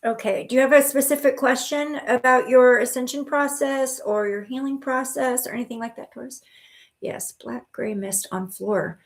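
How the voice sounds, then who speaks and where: A middle-aged woman with a high-sitting voice and fairly even intonation hosts a live stream of spiritual readings at a normal speed. She chats casually, reassuring viewers with pet names like honey and sweetheart, and her talk is full of restarts and fillers.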